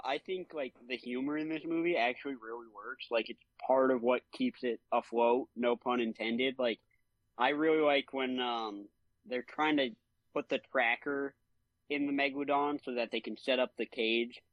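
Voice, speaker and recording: A young man co-hosting a podcast chats casually about a movie in a medium pitch at normal speed, laughing often and acting out lines from it. He is animated, and the recording is dry and lo-fi.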